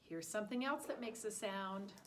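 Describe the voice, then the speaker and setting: A woman's voice: medium pitch, normal speed, a bit bright, slight background noise. A woman teaching a listening lesson to preschool children, talking in an exaggerated, sing-song way.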